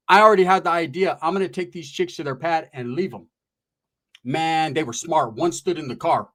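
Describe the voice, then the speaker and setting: A man's voice: fairly high pitch, moderate pace, fairly bright tone. Profane streetwise man telling stories. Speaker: stand-up comedian. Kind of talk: storytelling stand-up.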